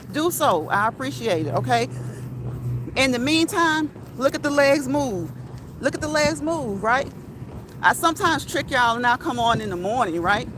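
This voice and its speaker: A woman hosting a live stream while walking outdoors, chatting to viewers, reading their comments aloud and tagging lines with "okay?" and "right?". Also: a little high. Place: outdoors near a street and train tracks. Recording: outdoor street with traffic noise. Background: passing cars and a train.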